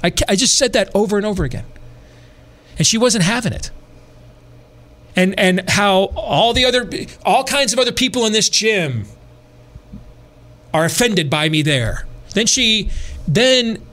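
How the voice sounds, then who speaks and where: Animated man telling a story. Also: sits high, a little slow, pauses often. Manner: animated, repeats himself, dry asides. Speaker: podcast host. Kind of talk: casual storytelling.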